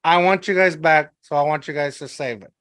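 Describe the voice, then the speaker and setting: A man hosting a podcast interview, relaxed and encouraging toward his guests. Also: on the high side, a little fast, dry recording, studio quality. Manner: relaxed, encouraging, laughs along. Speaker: podcast host. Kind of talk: casual interview.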